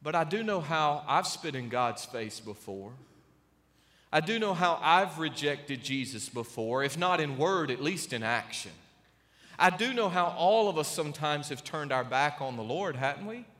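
A man preaching a sermon to a church congregation, emphatic, with dramatic pauses and sudden swings between loud and soft. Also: fairly high pitch. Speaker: pastor. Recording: long reverb of a large hall.

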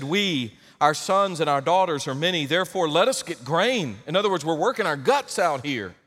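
A male pastor delivering an emphatic sermon, rising to loud exhortation. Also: a little high, long reverb tail.

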